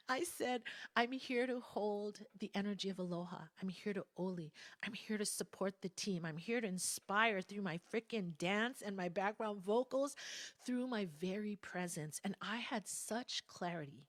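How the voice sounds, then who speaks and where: A woman speaking at a spiritual gathering, telling a candid personal story in a reflective, conversational way with soft asides. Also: medium pitch, animated, normal speed, dry recording. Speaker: guest speaker.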